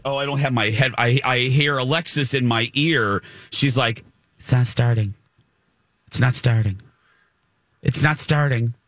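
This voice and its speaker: A man co-hosting a casual chat, telling a story in an animated, playful way. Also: medium pitch, dry recording, clean studio sound.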